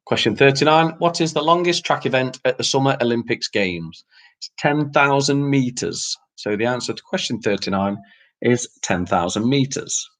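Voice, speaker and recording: A man's voice: medium pitch, animated, moderate pace, a bit bright. Man hosting a casual quiz. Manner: casual, chatty, laughs often, mild swearing. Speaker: quiz host. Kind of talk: reading out quiz answers on a livestream.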